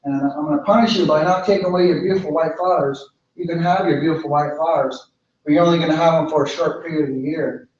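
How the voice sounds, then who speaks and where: A solemn male creator spirit, voiced by a man, hands down judgment in a measured, even way in a spoken folk tale. The sound is distant and roomy with heavy echo, a little muffled. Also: a little high, close to an everyday voice. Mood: stern. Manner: measured and judging. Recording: echoey, distant, lo-fi hall recording.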